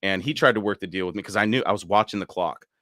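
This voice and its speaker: A man's voice: low-pitched, quick pace, bright, forceful tone, no room sound, studio quality. A man hosting a podcast, telling a story in casual chat and laughing as he goes. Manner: laughs through stories, acts out quoted voices. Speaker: podcast host.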